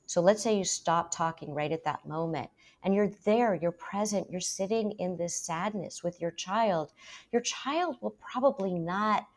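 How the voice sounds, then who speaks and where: A woman talking in a lively debate about parenting, emphatic and quick to act out how parents speak. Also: on the low side. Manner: emphatic, quick to mimic parents in put-on voices.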